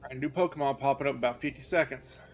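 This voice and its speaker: A man's voice: mid-range voice, fast talker, faint music behind. A man in his thirties streaming a game, chatting casually in a rambling, self-deprecating way. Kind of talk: casual chat while playing.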